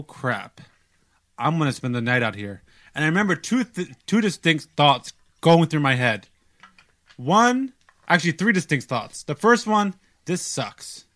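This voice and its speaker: A young man casually telling a long story on a podcast, animated and self-mocking, stumbling over restarts. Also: fairly high pitch.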